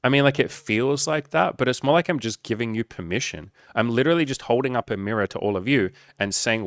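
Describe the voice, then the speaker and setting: A man's voice: medium pitch, fairly quick, fairly bright tone, no room sound, studio quality. A young adult man, a dating coach, talking casually to camera, full of fillers and mild swearing, acting out little dialogues. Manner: casual, profane, lots of likes and filler; acts out quoted dialogue with voice shifts. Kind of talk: casual video talk.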